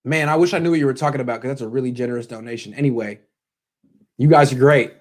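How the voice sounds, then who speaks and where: A man's voice: medium pitch, quick pace. A young man hosting a postgame live stream, joking sarcastically and answering donations, his voice cracking when he gets worked up. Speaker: sports show host.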